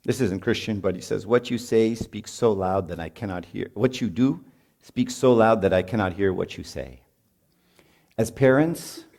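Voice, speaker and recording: With a low, darkish voice carrying some vocal fry, a middle-aged man addresses parents at a marriage retreat. His sermon is casual and chatty, full of "right?", and he plays out scenes between parents and their kids.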